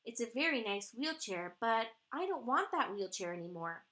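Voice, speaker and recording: A woman's voice: a little high, very animated, normal speed, sharp tone. A woman voicing a spirited young girl in a storybook reading, stretching out her words cheerfully. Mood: lively.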